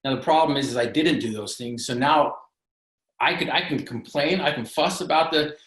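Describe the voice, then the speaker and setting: A man speaking as a podcast guest, his voice sitting a bit high for a man. He tells his story earnestly and with emphasis, leaning on catchy repeated sounds like a motivational speaker. The room gives his voice a noticeable echo. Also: moderate pace, fairly bright tone. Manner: earnest, emphatic, alliterative phrasing. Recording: roomy echo.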